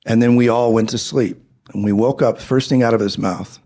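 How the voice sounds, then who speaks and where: A middle-aged man telling a personal testimony in an earnest storytelling way, dropping to hushed tones at emotional moments. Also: medium pitch, fairly even intonation, normal speed. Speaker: speaker giving a personal testimony.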